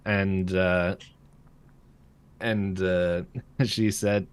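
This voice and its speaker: A man's voice: deep voice, level tone, drawn-out words, pauses often, smooth, no echo. Man recapping a cartoon episode. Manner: rambling recap, frequent fillers and laughs. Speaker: podcast co-host. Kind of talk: casual episode recap chat. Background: passing freight train.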